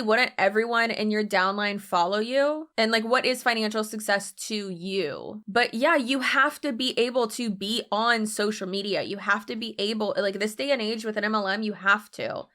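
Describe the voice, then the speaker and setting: A tired young woman hosting her channel, talking in a lively, sarcastic and casual way and laughing often. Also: mid-range voice. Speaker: host. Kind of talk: casual commentary.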